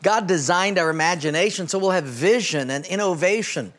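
A man's voice: high voice, fairly quick, a bit bright. A man preaching as a pastor, telling a humorous story and acting out its characters in a folksy way. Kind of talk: sermon with storytelling.

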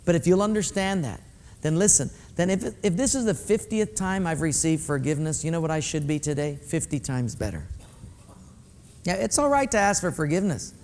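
A man's voice: on the high side, animated, brisk, a little mellow. Preaching man in an echoey hall. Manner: conversational preaching, engages the congregation directly. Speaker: pastor. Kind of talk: sermon. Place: church sanctuary.

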